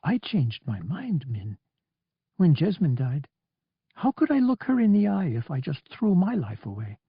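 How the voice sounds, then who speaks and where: A young woman pilot, worried and angry at once, pleading and insisting, as a male audiobook reader voices her. The lifted voice swings widely and sounds a little husky. The recording is dry and dull. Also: a little high, huge pitch swings, a little slow, dry recording, voice pushed up, exaggerated voice.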